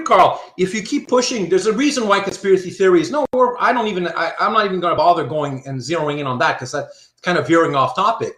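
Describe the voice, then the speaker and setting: A man giving a philosophy lecture, animated and repetitive, often checking whether his students follow. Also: high-pitched, echoey room. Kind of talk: university lecture.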